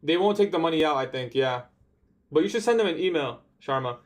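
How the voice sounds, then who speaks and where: A man's voice: fairly high pitch, animated, brisk. Laid-back young man on a trading livestream. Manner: laid-back, says "bro" often, talks back to chat. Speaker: livestream day trader. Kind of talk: casual livestream chat reading viewer comments.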